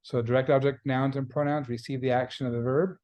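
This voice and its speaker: A man lecturing as a Spanish instructor, with a mellow, dark-toned voice at an ordinary pitch. He walks through the grammar patiently and goes back over each point. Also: fairly even intonation, fast. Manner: patient, explanatory, repeats key points. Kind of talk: recorded lecture.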